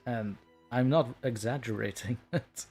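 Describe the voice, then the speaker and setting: A man's voice: mid-range voice, unhurried, a little mellow, husky, faint music behind. A man hosting a live stream, chatting casually and laughing at himself. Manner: laughs often, self-mocking. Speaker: stream host.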